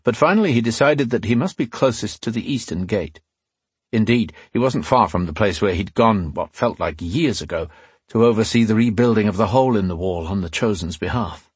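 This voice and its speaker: A man narrating a fantasy novel in a measured, steady storytelling voice. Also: on the low side, husky, no room sound. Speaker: audiobook narrator.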